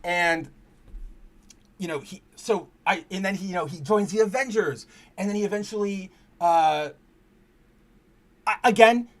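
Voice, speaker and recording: A man's voice: sits high, measured pace, pauses often. A man hosting a casual comic book chat stream, rambling with frequent restarts, cursing freely and speaking candidly about personal matters. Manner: earnest and candid when personal. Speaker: podcast host.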